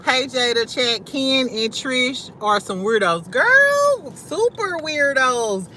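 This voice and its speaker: A young woman from St. Louis hosting a casual livestream, talking loud and slangy, swearing freely and laughing often as she answers her chat. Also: high voice, very animated, slow pace, hardly any pauses, a little hiss or hum. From St. Louis, USA. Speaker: livestream host.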